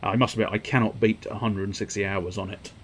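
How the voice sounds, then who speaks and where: A low-voiced man streams a video game and chats as he plays. He rambles wryly and swears now and then, reading the on-screen text aloud as he goes. A faint ambient hiss runs under his voice. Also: steady tone, fast talker. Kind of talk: casual gameplay commentary.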